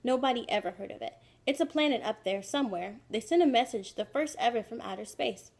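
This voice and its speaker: A woman's voice: a little high, lively intonation, fairly quick, darkish tone. A woman voicing a busy, self-important male president in a storybook reading. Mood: brusque.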